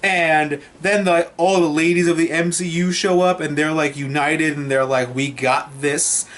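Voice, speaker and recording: A man recapping a film in a casual, excited, profane and rambling way as a movie reviewer. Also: on the high side, normal speed.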